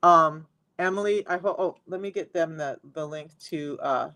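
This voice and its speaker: A male health coach talks chattily and emphatically straight to viewers on a live stream, blending a sales pitch with personal testimony. He uses a close phone mic, speaking at a moderate pace in a bright, forceful tone with no room sound.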